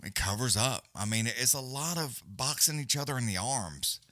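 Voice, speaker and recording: Guy, casual profane fight caller, very animated pitch, dry close mic. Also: normal speed, no room sound. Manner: profane, blunt, loose, Southern-leaning slang. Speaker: fight companion commentator. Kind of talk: casual live fight commentary.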